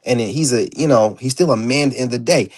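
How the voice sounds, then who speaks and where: A man's voice: medium pitch, brisk, darkish tone. A man ranting in a casual vlog monologue, blunt and profane, rambling with lots of fillers. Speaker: vlogger. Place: indoors.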